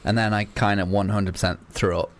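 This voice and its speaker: A man's voice: fairly even intonation, fairly quick. A man co-hosting a podcast, telling a candid story in a giggly, casual way. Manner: giggly, jumps up in pitch when laughing. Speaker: podcast co-host.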